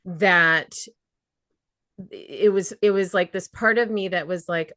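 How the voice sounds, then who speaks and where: A woman co-hosting a podcast in a casual spiritual chat, animated and laughing as she acts out her own inner voices. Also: fairly low pitch, slow, no room sound, studio quality. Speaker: podcast co-host.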